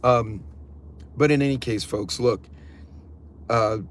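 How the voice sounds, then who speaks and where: A man's voice: medium pitch, takes it slowly, slight background noise. A middle-aged man hosting a preparedness channel, chatting casually on a livestream and answering viewers' comments as he rambles and swears freely. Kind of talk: casual livestream talk, reading chat aloud.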